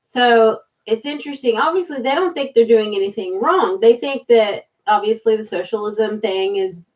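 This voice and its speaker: Chatty woman co-hosting a movie podcast. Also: on the high side. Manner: chatty, animated, quick asides. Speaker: podcast co-host. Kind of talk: casual chat reviewing movies. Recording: distant, dull-sounding mic.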